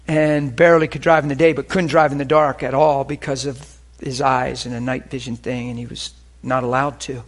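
A man preaching and telling healing stories, swinging between hushed and loud. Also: on the high side, steady tone, normal speed. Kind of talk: sermon with healing testimony.

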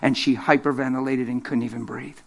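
A middle-aged man preaching a sermon, telling stories with lively energy, laughing and acting out the voices of the people in them. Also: mid-range voice, fairly quick, vocal fry. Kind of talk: sermon with storytelling. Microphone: handheld microphone.

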